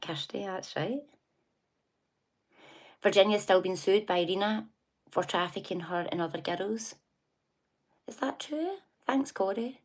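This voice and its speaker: A woman's voice: mid-range voice, measured pace, long pauses. A middle-aged Scottish woman from near Glasgow hosting a casual livestream, chatting and gossiping about the news, laughing often and reacting to viewer comments. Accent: Scottish (Glasgow area). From Scotland. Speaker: livestream host.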